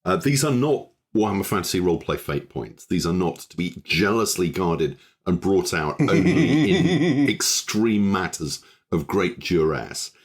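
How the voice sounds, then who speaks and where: A man's voice: low-pitched, sing-song, measured pace, few pauses, husky. A man co-hosting a tabletop game podcast, speaking in a wry, witty and articulate way. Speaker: podcast co-host. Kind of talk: casual chat about tabletop games.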